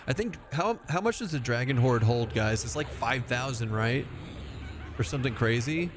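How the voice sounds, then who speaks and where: A male game streamer talking casually over his gameplay, rambling from thought to thought and cursing freely. He chats straight to his viewers, with a voice of middling pitch. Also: lively intonation, moderate pace, noisy background. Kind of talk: casual live-stream chat while playing.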